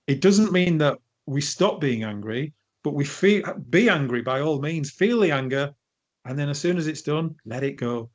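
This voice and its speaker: Man telling stories in an interview. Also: mid-range voice. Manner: animated storytelling, frequent restarts. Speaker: interview guest, coach. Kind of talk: conversational interview.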